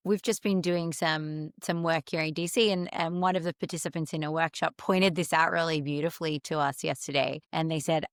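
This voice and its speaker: A woman's voice: low voice, steady tone, normal speed, hardly any pauses, smooth, no room sound, studio quality. A woman guest on a podcast, speaking in a thoughtful, articulate way about her research. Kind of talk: conversational interview.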